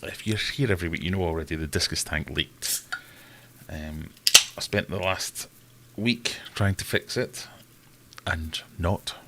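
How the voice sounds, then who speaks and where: A man's voice: sits low, a little slow, noisy background. A man hosting a casual live stream, chatting and greeting viewers in a self-deprecating way.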